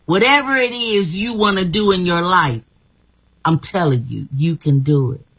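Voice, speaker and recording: A woman's voice: lowish voice, normal speed, a bit bright, husky. A woman guest speaking emphatically in an inspirational interview, repeating herself and laughing often.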